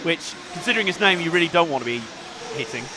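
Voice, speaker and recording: A man's voice: on the high side, expressive, quick pace. A man co-commentating live races with dry, wry asides. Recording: noisy trackside broadcast.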